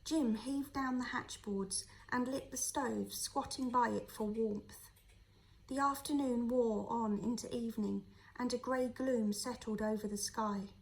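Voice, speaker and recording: A teacher reads a children's novel to her class in a steady, clear storytelling voice pitched a little high for a woman. She keeps the pace even and unhurried, though the recording is rough.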